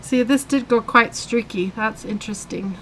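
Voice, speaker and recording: A woman's voice: on the high side, normal speed, a bit bright, slight background noise, rough recording. A woman hosting a live coloring tutorial, chatting casually as she demonstrates step by step. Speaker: host of a live coloring stream.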